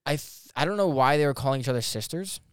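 A man co-hosting a podcast, chatting about a film in a relaxed way, laughing often and trailing off mid-sentence. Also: medium pitch, fast, clear, resonant tone, dry recording, clean studio sound. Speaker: podcast co-host. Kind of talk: casual chat, film review.

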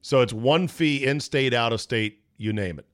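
A man hosting a sports talk show, casual and profane, riffing quickly with his co-host. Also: medium pitch. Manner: brash, profane, rapid riffing.

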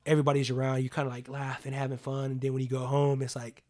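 A man's voice: medium pitch, flat delivery, fast, darkish tone. Earnest young man telling stories. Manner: earnest, heavy use of "like" and "you know what I mean". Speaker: podcast guest. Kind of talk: casual personal storytelling.

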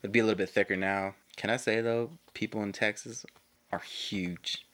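A young man from Denver, chatting casually as a co-host, relaxed, cursing freely and laughing often. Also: lowish voice, moderate pace. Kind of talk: casual chat.

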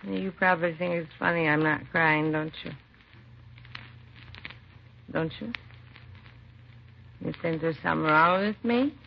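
A woman's voice: on the low side, creaky. An actress playing a drunk, grieving young mother in her late twenties, weary and slurring, in an old radio crime drama. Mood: bitter. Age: late 20s. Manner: slurred, weary, self-accusing. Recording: dull lo-fi old radio recording.

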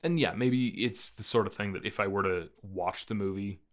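A young man with a fairly low voice talks loosely about a film he saw. He rambles and reaches for fillers, and he laughs easily as he goes. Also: normal speed. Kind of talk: casual movie review chat.

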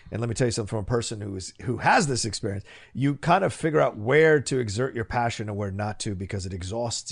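A man co-hosting a film podcast, talking in a rambling, animated way and laughing easily. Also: medium pitch, gravelly. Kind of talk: casual film discussion.

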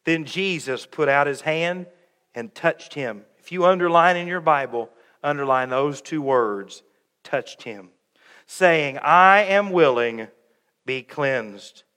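A man's voice: a little high, measured pace, sharp tone, clear, resonant tone, in a large hall. A young man preaching a sermon as pastor, earnest and intent, breaking into joking asides about his family. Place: church sanctuary.

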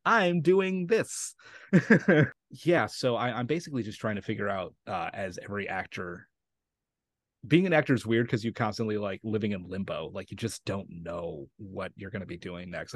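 Young man, actor guest, casual interview chat, lots of fillers and laughs, low voice, dry close sound. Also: no room sound. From Santa Fe, New Mexico. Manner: rambling, laughs often, many fillers.

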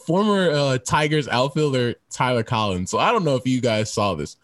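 A man tells sports stories animatedly, laughing between lines, with his pitch bouncing widely. His voice is mid-range for a man. The recording is dry and close, with little room sound. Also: normal speed, dry recording. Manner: animated storyteller, laughs often. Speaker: sports talk co-host. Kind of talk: casual sports chat.

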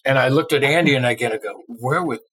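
Racing through his story in a mid-range voice, a middle-aged Illinois man who plays drums recounts a casual anecdote during an interview. He's a lively storyteller who performs the quoted voices, and the audio is rough.

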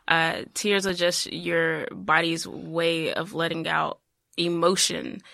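Man, podcast host, gravelly edge, bright tone, dry close sound, casual filler-heavy talk. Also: a little high, takes it slowly, no room sound. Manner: relaxed, trailing fillers like "like". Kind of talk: casual interview chat.

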